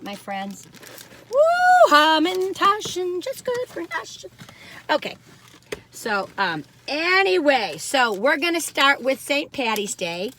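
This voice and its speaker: A woman's voice: fairly high pitch, bright, forceful tone, slight background noise. A woman reviewing pastries in a casual food vlog, recorded on her phone in a parked car, gushing and laughing often. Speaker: food vlogger.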